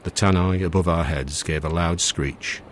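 Deep-voiced man reading a story. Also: fairly even intonation, normal speed, a little hiss or hum. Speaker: audiobook reader. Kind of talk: first-person story reading.

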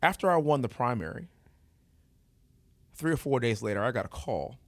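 A man telling an animated story in casual podcast chat, laughing often and stumbling over his words. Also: medium pitch, moderate pace, dry recording.

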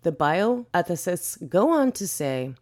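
Woman, podcast host, slightly low voice, swearing, blunt, indignant commentary. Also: sing-song, slow, a little mellow.

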